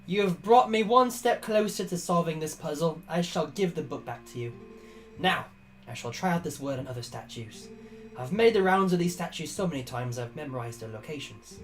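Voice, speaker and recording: A woman's voice: sits low, lively intonation, normal speed, soft background music. Woman putting on a prim British scholar. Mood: prim, eager. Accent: put-on British. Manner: theatrical, formal phrasing. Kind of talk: reading game dialogue aloud.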